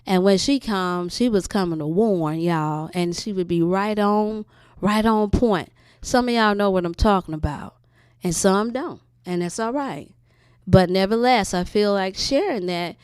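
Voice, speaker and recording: A woman's voice: unhurried, clean tone, no echo, studio quality. A middle-aged woman hosting her wellness channel, giving an earnest, conversational personal testimony and speaking straight to her viewers. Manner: earnest, conversational, addresses audience as y'all; rises high and bright when excited.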